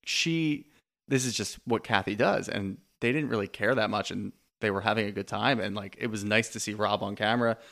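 A man co-hosting a podcast in casual chat, animated and swearing freely, often acting out what others said. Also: fairly low pitch, a little fast, gravelly. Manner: animated, acts out quoted lines. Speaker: podcast co-host.

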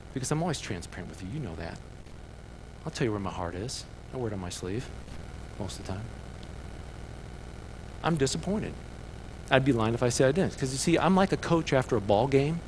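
A man, the pastor of a church, preaching a sermon that swings from fired-up bursts to quiet, personal asides. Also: mid-range voice, fast, slight background noise. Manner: preaching with rising excitement and quieter reflective asides.

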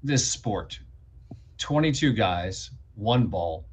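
A man's voice: fairly low pitch, lively intonation, slow, a little hiss or hum. A man on a soccer podcast, musing and half-joking as he philosophizes about the sport. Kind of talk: casual sports chat.

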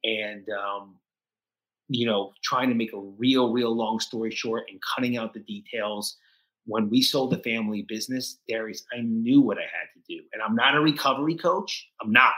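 A middle-aged man guesting on a podcast, with a bright, forceful voice. He tells his story with emotional restarts and often mimics the people he quotes. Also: fairly low pitch, moderate pace, poor audio. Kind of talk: candid interview storytelling.

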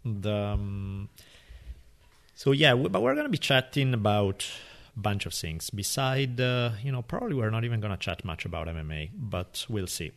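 A man's voice: lowish voice, expressive, moderate pace, vocal fry, a bit bright. A man hosting a podcast with a European accent, talking in a loose, rambling, jokey way. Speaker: podcast host. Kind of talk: podcast interview.

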